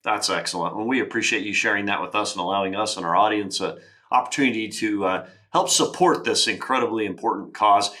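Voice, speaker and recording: A man's voice: lowish voice, fast talker, pushed and bright. A man hosting a podcast, enthusiastic and effusive in casual conversation, often laughing. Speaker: podcast host.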